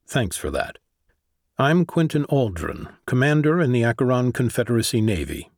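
A man voicing a patient male navy commander who speaks calmly and reassuringly. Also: medium pitch, normal speed, no echo, clean studio sound. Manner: calm, reassuring.

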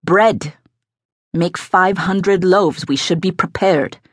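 A woman voicing an elderly male abbey head who is stern and impatient. His voice is rough, as if he is holding back a cough, and he speaks in curt, sarcastic lines. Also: lowish voice, slow pace, no room sound, clean studio sound. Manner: curt, clipped, coldly sarcastic, roaring when crossed.

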